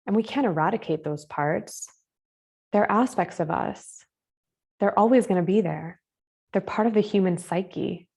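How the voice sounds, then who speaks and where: A woman teaching a live online spiritual masterclass over a video call. She talks in a gentle, casual way with many filler words. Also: mid-range voice, measured pace, vocal fry, husky.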